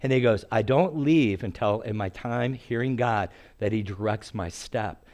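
A man's voice: lowish voice, moderate pace. Storytelling preacher man in his sixties. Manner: animated, acts out quotes, laughs at own stories. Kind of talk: storytelling sermon.

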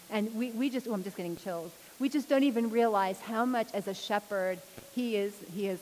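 A woman giving an informal sermon, chatty and lively, laughing often as she talks. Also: medium pitch, a little fast, few pauses. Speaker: preacher. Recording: long hall reverb with faint hiss.

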